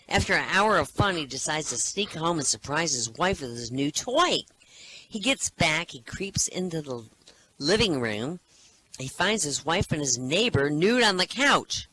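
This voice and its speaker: Man telling jokes, lively pitch, bright tone, faint noise. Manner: animated storyteller, laughs at own jokes. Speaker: comedian.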